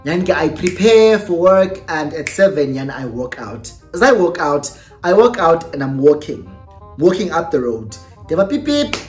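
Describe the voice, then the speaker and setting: Speaking at a moderate pace and middling pitch, this young South African vlogger shares a lively personal story, mixing Xhosa and English within sentences. Soft music plays beneath a noticeably echoey room sound.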